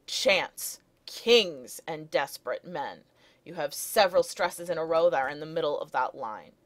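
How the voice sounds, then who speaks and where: A woman teacher narrating lecture slides, explaining steadily and reading poem lines aloud. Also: on the low side.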